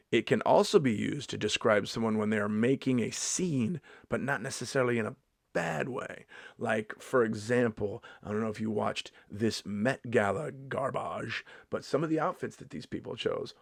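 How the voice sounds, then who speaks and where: Middle-aged man, comedian, sarcastic, swears a lot, medium pitch, dead dry recording. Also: creaky, no room sound. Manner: sarcastic, swears freely, reads definitions aloud then riffs. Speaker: comedian vlogger. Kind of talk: casual comedic vlog.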